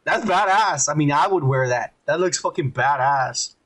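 A podcast co-host retells a show in a rambling, profane way. His voice sits high for a man and has a husky grain. He slips into mocking voices for the characters he quotes. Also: animated, normal speed, a bit bright. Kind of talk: casual profane recap.

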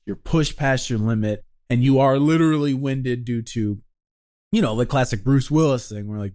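A man's voice: medium pitch, normal speed, a little mellow. A male podcast co-host talking in long, opinionated runs and swearing freely in casual chat.

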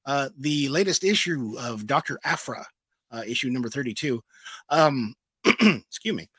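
Bright-voiced man sharing news. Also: mid-range voice, expressive, measured pace, breathy edge, dry recording. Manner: reads out news items with many uh fillers. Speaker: co-host. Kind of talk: casual chat about comic and pop news.

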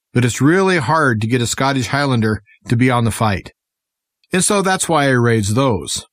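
A man's voice: medium pitch, a bit bright, no echo, clean studio sound. A middle-aged American man, guest host of a radio talk show, giving earnest, folksy political commentary that turns fiery on his soapbox. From United States.

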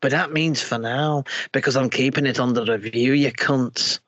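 A man doing a mocking impression of a stern Scottish woman political leader, with a lowered, gruff, slow voice and crude lecturing. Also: steady tone, fairly bright tone, dry recording, highs cut off, lightly acted. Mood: mocking lecture. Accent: Scottish, put on.

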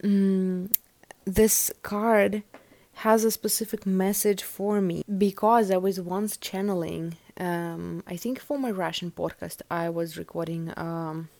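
A woman's voice: medium pitch, fairly even intonation, takes it slowly, darkish tone, no room sound. A young woman hosting a podcast, chatting casually and giving a collective tarot reading, meandering with many fillers. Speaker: podcast host.

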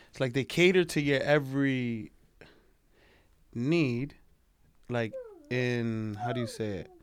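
A man's voice: medium pitch, slow pace, pauses often, slight background noise. A man in a casual group chat who rambles, restarts his sentences often, and throws in jokey asides.

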